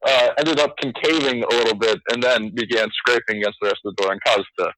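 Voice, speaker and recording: A man's voice: mid-range voice, steady tone, fast, a bit bright, no echo, rough recording. A young man telling a story on a casual podcast chat, swearing a lot and laughing as he goes. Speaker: podcast co-host.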